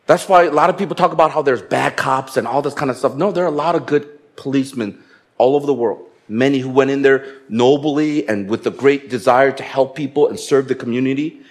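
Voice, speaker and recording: A pastor preaching a lively sermon, acting out quotes with humor. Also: male voice, mid-range voice, brisk. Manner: animated, acts out quotes with humor.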